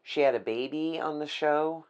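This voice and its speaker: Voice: mid-range voice, normal speed, smooth, muffled recording. A speaker in a casual podcast chat, reminiscing affectionately about people they have met and speaking fondly of them. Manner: chatty, affectionate, name-dropping. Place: indoor podcast set.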